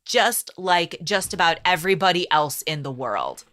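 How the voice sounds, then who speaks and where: A bright-voiced woman from Chicago's South Side co-hosts a casual podcast, reading a history story from her notes. Her voice is on the low side with lively intonation, and she's brisk and teasing with her co-host.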